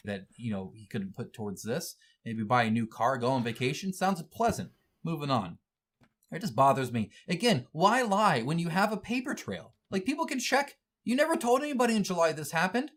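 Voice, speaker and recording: Indignant man ranting, lively pitch. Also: a little fast. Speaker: wargaming news show host. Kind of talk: heated commentary on news.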